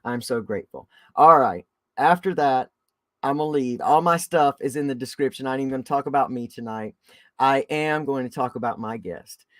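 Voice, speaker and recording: A man hosting a live-stream recovery podcast, talking in an excitable, effusive way with big jumps in pitch and loudness. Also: dry recording. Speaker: podcast host.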